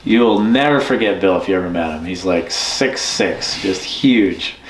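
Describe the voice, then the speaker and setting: A man's voice: sits low, unhurried, slight background noise. A man, a bush pilot, telling a story in a casual chat and acting out the quotes. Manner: lively retelling with voiced quotes. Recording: roomy echo.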